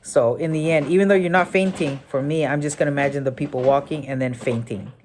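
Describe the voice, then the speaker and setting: Give me a low-voiced woman explaining a memory trick. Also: fairly even intonation, quick pace, a little mellow, slight background noise. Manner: thinks aloud, many fillers, self-correcting. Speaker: memory technique tutor. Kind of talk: casual spoken tutorial.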